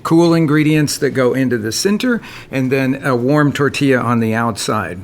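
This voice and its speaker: A man's voice: mid-range voice, expressive, moderate pace, slight background noise. A middle-aged man, a chef co-hosting a casual food podcast, talking with enthusiasm and laughing often. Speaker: co-host, chef.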